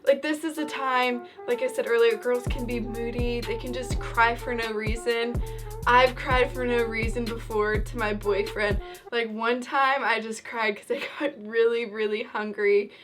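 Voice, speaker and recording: A young woman talks straight to her viewers in a loose, rambling way, a little short of breath. Her voice sits a touch high. Music plays clearly under her speech. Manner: chatty, rambling, upbeat. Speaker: vlogger. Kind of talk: casual advice vlog.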